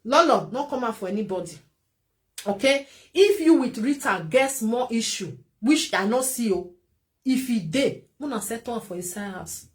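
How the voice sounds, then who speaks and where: A woman's voice: a little high, moderate pace. A woman with a Nigerian Pidgin accent hosting a live stream, talking casually and pleading with her viewers. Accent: Nigerian Pidgin English. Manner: animated, pleading, thanks viewers for gifts mid-talk.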